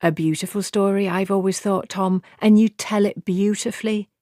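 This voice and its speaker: A man voicing a gentle older tavern woman in an audiobook, soft and soothing. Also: sits high, fairly even intonation, normal speed, no room sound, studio quality, pitched above the performer's own voice, natural voice. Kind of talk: audiobook character voice.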